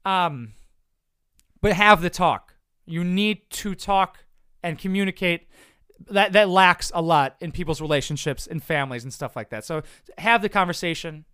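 Blunt, foul-mouthed man with a bright voice. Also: high voice, normal speed, smooth, no echo. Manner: blunt, profane, rambling. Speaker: content creator answering viewer questions. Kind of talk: casual advice chat.

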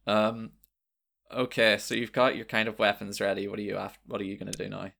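A man running a tabletop role-playing game, narrating the scene in an unhurried way with plenty of fillers. His voice is fairly low, with a gravelly, creaky texture. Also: level tone, a bit bright. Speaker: game master.

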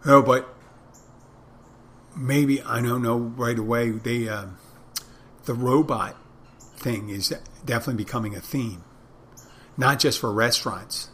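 A man's voice: mid-range voice, unhurried, pauses often, fairly bright tone. A man who works as a bartender, hosting a podcast and telling a rambling anecdote in a casual monologue, acting out both sides of the conversation. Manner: rambling anecdotes, acts out dialogue.

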